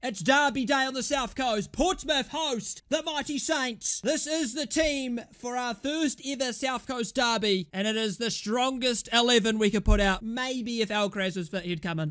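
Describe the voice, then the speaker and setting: Young male gaming YouTuber, high-pitched, casual sweary commentary, easily exasperated. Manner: sweary, exasperated, shouts at chances.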